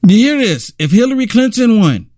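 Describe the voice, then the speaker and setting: A man with a notably high voice delivers casual reaction commentary on political videos. He rants and keeps restarting with "I mean." The sound is close and dry. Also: sing-song, moderate pace, warm tone, dry recording. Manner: ranting, repeats "I mean".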